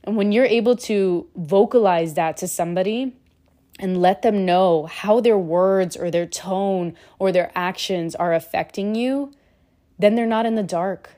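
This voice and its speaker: Warm-toned woman giving earnest relationship advice. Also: mid-range voice, measured pace. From Cuban heritage. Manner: earnest, emphatic, direct. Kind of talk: casual advice monologue to camera.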